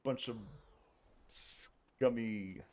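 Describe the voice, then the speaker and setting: Speaking extremely slowly in a darkish, mid-range voice, a male streamer plays an exaggerated, jolly tipsy Brit with a hammy fake accent. He banters playfully and laughs often over his game, and the mood is jovial.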